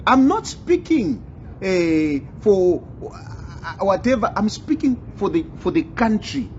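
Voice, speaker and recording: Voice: medium pitch, sing-song, slow pace, darkish tone, a little hiss or hum. Insistent commentator on a dull recording. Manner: insistent, repeats phrases for emphasis. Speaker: channel host. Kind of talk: commentary to camera.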